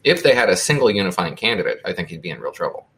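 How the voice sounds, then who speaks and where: A man's voice: low-pitched, very animated, racing, gravelly, fairly bright tone. A man on a political podcast panel, thinking aloud in a musing way. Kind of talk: political discussion.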